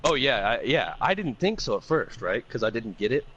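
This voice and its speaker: A man co-hosting a podcast, telling a long profane party story in a loose, animated way. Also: mid-range voice, brisk, highs cut off. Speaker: podcast co-host. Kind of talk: casual storytelling chat.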